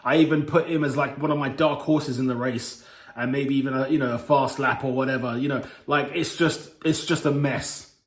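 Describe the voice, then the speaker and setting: A young man giving a lively, exclaiming solo review and playfully scolding as he goes. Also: mid-range voice, moderate pace. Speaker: motorsport commentator vlogger. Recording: echoey room.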